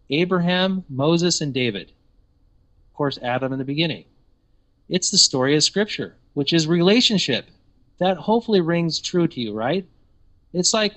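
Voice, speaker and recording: Male teacher, sermon delivery, emphatic questioning, a bit higher pitch. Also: a bit bright.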